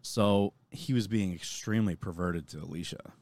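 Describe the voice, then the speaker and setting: A young man on a podcast, telling an animated story and quoting people as he goes. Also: on the low side, normal speed, no echo. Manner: animated storytelling, lots of swearing and quoting others. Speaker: podcast co-host. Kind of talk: casual chat.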